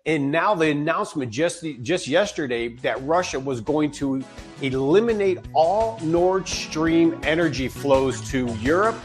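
A man speaking as a guest for a precious metals company, laying out economic news in a brisk, informative sales pitch. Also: expressive, faint music behind.

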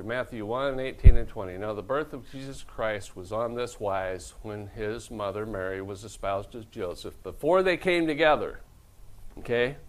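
Pastor, middle-aged man, gravelly voice, preaches with jokes and acted-out quotes. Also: medium pitch, poor audio. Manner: joking, storytelling, acts out quoted voices. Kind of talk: humorous sermon.

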